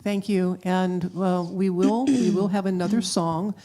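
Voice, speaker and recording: A woman's voice: lowish voice, steady tone, unhurried, mellow. A woman hosting a spiritual center event, thanking the guest and leading the offering. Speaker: host of spiritual center talk.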